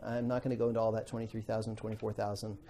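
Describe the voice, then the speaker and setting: A man teaching a Bible class to students, animated, acting out quotes and asking the class questions. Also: fairly low pitch, rapid-fire.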